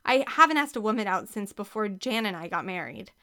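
A woman's voice: mid-range voice, animated, brisk, sharp tone. A woman voicing Kevin, a nervous divorced professor who talks hesitantly and defensively.

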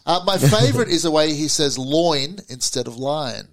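A man's voice: on the high side, animated, a little fast. A man from Britain co-hosting a podcast in casual banter, swearing freely and laughing often. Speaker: podcast co-host.

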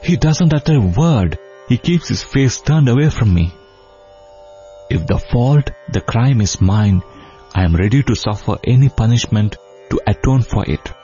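A man's voice: mid-range voice, animated, normal speed, dark tone, faint music behind, pitched above the performer's own voice, lightly acted. A man voicing an earnest young prince who pleads with his grieving father, his voice rising as he implores. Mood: earnest pleading. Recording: dull lo-fi audio with faint sitar.

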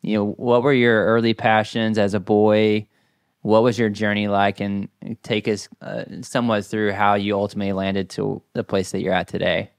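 A man's voice: lowish voice, flat delivery, normal speed, gravelly, clean tone, dry recording, studio quality. A man with a Southern US accent hosting a podcast in casual chat, rambling with lots of filler words. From southern United States. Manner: friendly, rambling, many "like" fillers. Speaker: podcast host. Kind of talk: casual conversation.

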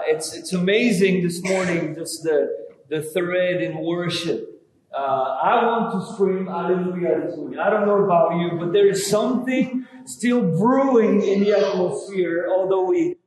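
A man with a French accent preaching a sermon in a church, emphatic, often restarting his phrases and breaking into shouts of praise. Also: fairly high pitch, a little hiss or hum. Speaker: guest preacher. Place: church sanctuary. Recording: long hall reverb.

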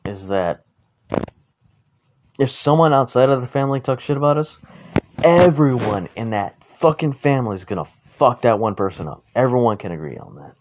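A man ranting bluntly and heatedly into the camera, swearing freely. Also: medium pitch. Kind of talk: unscripted angry rant. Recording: noisy recording with clicks.

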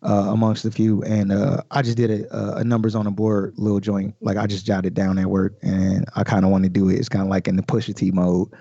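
A man talking casually as a podcast guest, explaining his own rap lyrics in an animated way with many fillers. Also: lowish voice, brisk, few pauses, husky, dry recording, dull audio. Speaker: guest recording artist.

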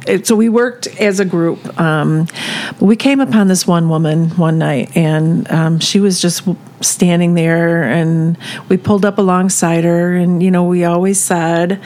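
Halting woman telling a story. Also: lowish voice, fairly even intonation, a little mellow. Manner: halting, with many fillers and restarts. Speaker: ministry volunteer sharing a story. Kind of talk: casual storytelling chat.

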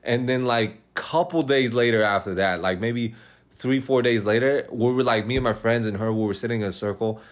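A young man with a mid-range voice rambles through dating stories at a normal pace, swearing and laughing often. He's a podcast host chatting casually.

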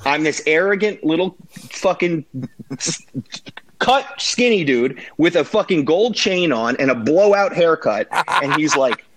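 A podcast guest, a man, tells his stories in a casual, animated way, swearing freely and laughing as he goes. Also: fairly high pitch, unhurried, slight background noise. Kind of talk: casual storytelling.

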